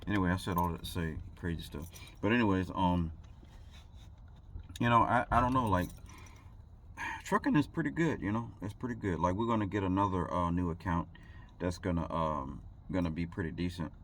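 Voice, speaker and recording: A man's voice: low voice, a little fast, pauses often, a bit bright, slight background noise. A man, a truck driver, telling a story in a rambling, casual way and laughing between thoughts.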